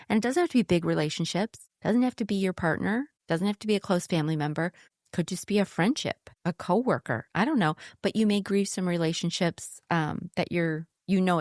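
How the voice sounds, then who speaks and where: A woman's voice: lowish voice, a little mellow, no room sound, studio quality. A middle-aged woman hosting a solo podcast, talking candidly and conversationally about spiritual growth, with a casual swear here and there. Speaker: podcast host.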